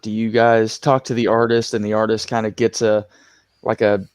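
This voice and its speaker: Low-pitched easygoing man on a podcast. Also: a little mellow, dry recording, studio quality. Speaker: podcast panelist. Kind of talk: casual podcast chat.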